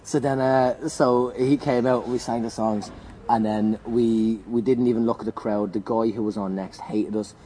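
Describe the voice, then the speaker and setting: A man's voice: mid-range voice, steady tone, moderate pace, warm tone, slight background noise, low-quality recording. A man telling a comic anecdote as a podcast guest, laughing, swearing and acting out what people said. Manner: laughing, swearing storyteller who acts out quotes.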